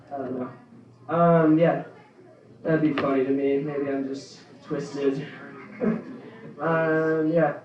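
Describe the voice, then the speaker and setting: A man's voice: mid-range voice, darkish tone. A young man performing a rambling stand-up set in a comedy club, full of ums and his own laughs. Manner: rambling, filler-heavy, laughs at own jokes. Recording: echoey club room, distant dull mic.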